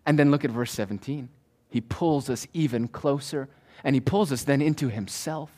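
A man preaching a sermon to his church in an emphatic, rhythmic way, repeating key phrases and slowing down to stress words. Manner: swings between soft low asides and loud raised declarations. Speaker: pastor.

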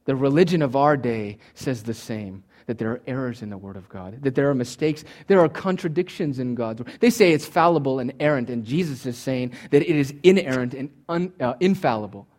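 A man's voice: medium pitch, lively intonation, fairly quick, hardly any pauses, a little mellow. A man preaching a sermon, teaching from Greek words with emphatic, swinging delivery and touches of humor. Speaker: pastor.

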